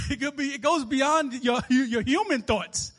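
A man's voice: extremely high pitch, a little slow, a bit bright. A man in his twenties with a New York accent, giving a casual, conversational sermon with frequent restarts and laughter. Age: 20s. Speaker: minister.

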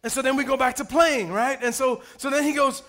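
A man's voice: very high-pitched, brisk. A man pastor preaching a sermon, telling stories playfully, calling for amens and raising his voice at key points. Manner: lively, playful storytelling with calls for amen.

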